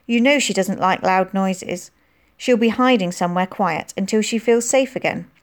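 A woman reading a calm, motherly aunt. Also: medium pitch, moderate pace, close to an everyday voice. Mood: reassuring. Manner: soothing, comforting. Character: kind motherly aunt, middle-aged woman, calm and reassuring. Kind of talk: audiobook character voice.

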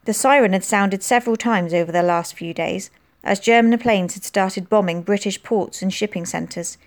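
A woman narrating a children's novel as an audiobook, reading expressively and lifting her voice for the characters' lines. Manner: expressive, voicing dialogue with lifted pitch.

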